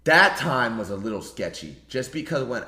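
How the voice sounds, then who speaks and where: A young adult man, a streamer, telling a story in a casual, animated way, full of slang and cursing. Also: mid-range voice, normal speed. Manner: animated, slangy, swears freely. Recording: roomy echo.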